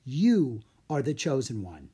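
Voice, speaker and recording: Brief: upbeat storybook girl, encouraging and bright, as the narrator puts her on. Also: mid-range voice, big pitch swings, slow, breathy edge, full character voice. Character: cheerful young girl dragon master. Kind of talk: audiobook character reading.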